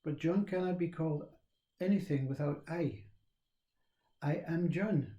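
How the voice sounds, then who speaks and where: A man teaching self-inquiry in a slow, repetitive, reflective way. His voice is fairly high for a man but very dark and mellow in tone. The recording sounds roomy and echoey. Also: muffled recording. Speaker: spiritual teacher. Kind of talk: spiritual talk on self-inquiry.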